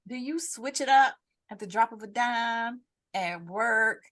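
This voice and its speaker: A woman co-hosting a casual podcast chat over a video call, animated and quick to laugh, slipping into playful put-on voices. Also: fairly high pitch. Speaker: podcast co-host.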